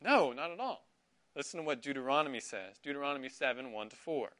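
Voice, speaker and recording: A middle-aged man teaches Sunday school through questions, affirming the answers his students give in an interactive Bible class. His medium-pitched voice has lively intonation and a sharp tone, and he talks fast.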